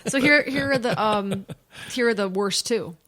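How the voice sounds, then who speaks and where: A woman's voice: mid-range voice, normal speed, a bit bright, slight background noise. A woman co-hosting a casual podcast, reading a ranked list aloud and laughing often. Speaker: podcast co-host.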